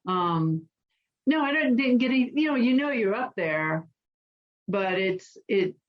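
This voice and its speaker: A woman guest in an interview, telling animated stories and acting out the voices of people in them. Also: a little high, unhurried, muffled recording. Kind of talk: storytelling in an interview.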